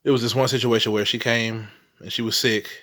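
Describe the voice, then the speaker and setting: A man's voice: mid-range voice, fairly even intonation, brisk, sharp tone. A middle-aged man from St. Louis telling ghost stories in a rambling, profane monologue, often checking in with "you know what I'm saying.". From St. Louis, Missouri. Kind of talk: casual storytelling monologue.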